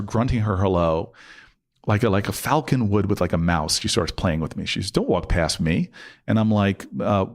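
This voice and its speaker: A man telling a story as a podcast guest, acting out quoted dialogue with sudden jumps up in pitch, and often restarting and repeating words. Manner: frequent restarts and stammered repeats. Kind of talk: animated storytelling in a podcast interview.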